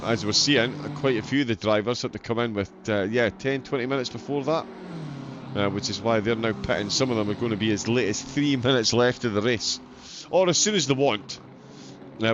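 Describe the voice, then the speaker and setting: Scottish male race caller, casual stream host, filler-heavy; muffled audio with engine noise underneath. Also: mid-range voice. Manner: chatty, frequent uh fillers, self-deprecating. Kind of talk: live sim-racing commentary. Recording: dull lo-fi audio with loud race car noise.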